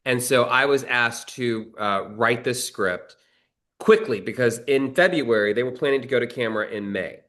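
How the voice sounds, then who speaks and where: Here a man who writes screenplays tells a lengthy story loosely, circling back with frequent restarts and occasional curses. He speaks in a mid-range voice at a moderate clip, his tone fairly bright.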